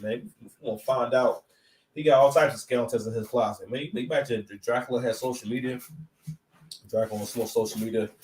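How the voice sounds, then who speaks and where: A man's voice: mid-range voice, far from the mic. A man giving casual battle rap commentary at home, rambling and joking with lots of stop-and-start repeats. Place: at home with his son nearby. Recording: echoey room, voice from off-mic.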